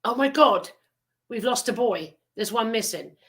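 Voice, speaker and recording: A woman's voice: medium pitch, takes it slowly. A woman voicing a group of frightened young boys who count themselves again and again. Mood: alarmed. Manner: excited, rising, loud counting.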